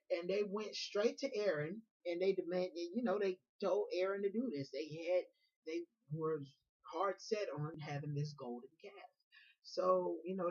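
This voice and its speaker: Man, casual Bible storytelling, rambling asides, dull lo-fi recording. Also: on the high side. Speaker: Bible teacher.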